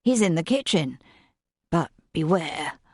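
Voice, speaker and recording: A woman's voice: low-pitched, expressive, takes it slowly, husky, no room sound, studio quality, heavily acted. Woman doing a cheeky flirtatious manservant. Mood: teasing. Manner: teasing, suggestive.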